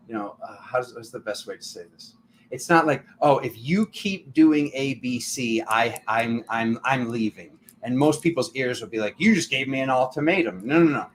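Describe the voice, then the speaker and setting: A man hosting a tarot channel, giving a casual spiritual talk in a rambling, animated way full of restarts and fillers. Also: a little high, a little hiss or hum.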